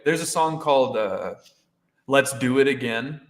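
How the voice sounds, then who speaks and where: Excitable man in an echoey room. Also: mid-range voice, unhurried. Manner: excitable, swears casually, laughs often. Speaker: stream co-host. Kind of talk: casual reaction chat. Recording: roomy echo.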